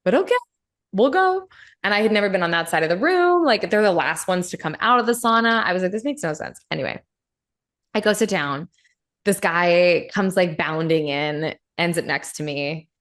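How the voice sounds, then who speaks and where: Woman podcast host, slightly low voice, animated storyteller who acts out quotes and swears casually. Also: normal speed.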